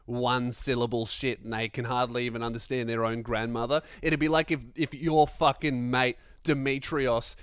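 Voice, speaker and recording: A young man hosting a comedy podcast, ranting in an animated, profane, self-mocking monologue. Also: medium pitch, normal speed, few pauses, clean tone, no echo, clean studio sound.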